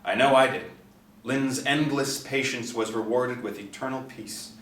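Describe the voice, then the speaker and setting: A man voicing a dignified, grieving middle-aged superstar father who speaks in a composed, measured way in a storybook reading. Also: medium pitch, fairly bright tone, slight background noise, natural voice. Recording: echoey, distant mic.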